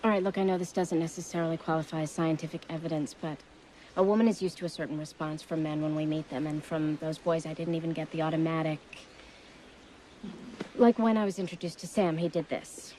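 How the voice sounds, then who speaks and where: A woman plays a frank, wry investigator with a notably low voice. Faint background hiss sits under her lines. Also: fairly even intonation, brisk, mellow, lightly acted, low-quality recording. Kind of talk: film acting.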